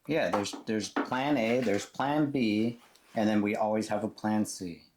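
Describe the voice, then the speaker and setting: A man co-hosting a casual crafting chat, relaxed and agreeable. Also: fairly low pitch, measured pace, a little hiss or hum. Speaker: co-host, partner of the host.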